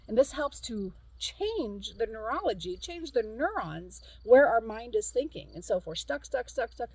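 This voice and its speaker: Lively middle-aged woman teaching tapping outdoors. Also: on the high side, normal speed, a little hiss or hum, low-quality recording. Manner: chatty, repeats cue phrases, laughs easily. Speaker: counselor demonstrating tapping. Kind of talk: casual instructional demonstration. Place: outdoors at a farm.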